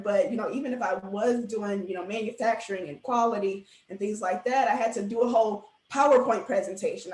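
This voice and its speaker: A woman's voice: mid-range voice, a little mellow, recorded from a distance. Candid woman panelist in a roomy echo. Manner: candid, laughs often while talking. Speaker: alumna panelist. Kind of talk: panel discussion.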